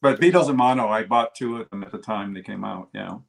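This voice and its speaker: A man's voice: on the low side, quick pace, vocal fry. A man chatting casually on a livestream in an easygoing, hesitant way, with many fillers. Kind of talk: casual chat.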